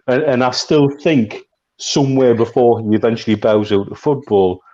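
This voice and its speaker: A man talks steadily in a casual chat, stumbling over small words as he builds his point. His voice is lowish and comes through a slightly muffled, lo-fi line. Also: a little mellow, a little hiss or hum. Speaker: podcast panelist.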